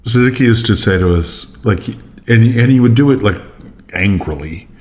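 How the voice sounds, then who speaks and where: A man co-hosting a podcast, musing aloud in casual conversation over drinks, with many halting restarts. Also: on the low side. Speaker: podcast co-host.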